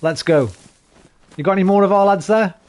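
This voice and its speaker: A man's voice: sits high, fairly even intonation, very fast, darkish tone, clean tone. A tired man chatting and rambling casually to his viewers while streaming a game. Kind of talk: casual live-stream chat while gaming.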